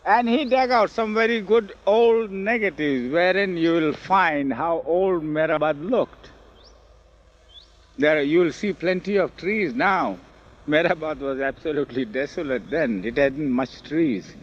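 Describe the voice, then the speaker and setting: An older man telling memories in an oral history interview, animated and acting out the quoted speech, recorded outdoors on old film. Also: on the high side. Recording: dull lo-fi 1970s film audio.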